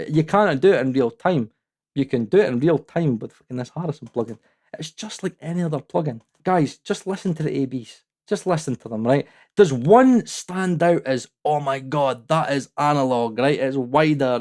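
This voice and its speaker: A man hosting his own audio-mixing channel, with a voice sitting slightly high. He delivers a heated, opinionated review and swears freely. He breaks into self-mocking laughs between his blunt points. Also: a little mellow. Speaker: mixing engineer and channel host.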